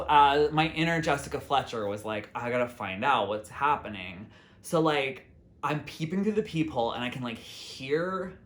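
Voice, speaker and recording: A man's voice: medium pitch, a bit bright. Rambling man telling a story. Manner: rambling, full of "like" fillers and self-quotes. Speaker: vlog host. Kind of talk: casual storytelling to camera.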